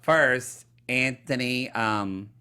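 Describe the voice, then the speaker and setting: A man from Oklahoma co-hosting an after-show, animated and teasing as he gossips about an episode. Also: mid-range voice, drawn-out words, clean tone. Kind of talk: casual chat recapping a reality episode.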